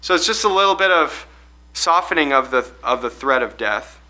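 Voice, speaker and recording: A man's voice: a little high, animated, normal speed, bright, forceful tone, poor audio. A man leading a group Bible study, reading verses aloud and asking the group questions, often restarting his phrases as he explains.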